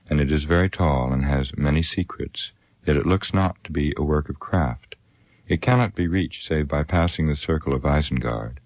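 A man reading a story aloud in the first person, grave and steady. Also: extremely low pitch, dry recording. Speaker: audiobook reader.

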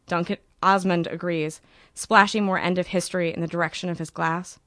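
A woman narrating a novel as an audiobook in a measured, wry storytelling manner. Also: lowish voice, fairly even intonation, a bit bright, no room sound, studio quality.

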